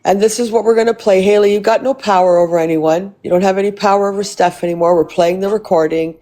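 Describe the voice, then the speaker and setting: A woman's voice: medium pitch, fairly even intonation, fast, mellow. A woman rants angrily on a livestream, speaking bluntly and swearing freely. She hammers home the same points over and over. Her voice comes through a plain phone mic. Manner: blunt, heavy swearing, repeats herself for emphasis. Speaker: livestream host. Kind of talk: angry livestream rant.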